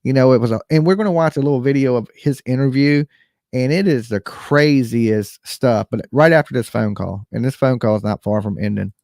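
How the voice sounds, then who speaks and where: A man's voice: mid-range voice, fairly quick, gravelly, a little mellow, dry recording, clean studio sound. A man hosting a live stream, giving casual, chatty commentary straight to his viewers. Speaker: livestream host reacting to a recording.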